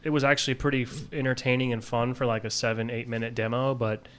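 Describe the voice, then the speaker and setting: A man's voice: medium pitch, flat delivery, fast talker, a bit bright, slight background noise. A man hosting a casual podcast, steering the talk in an easygoing way. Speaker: podcast host.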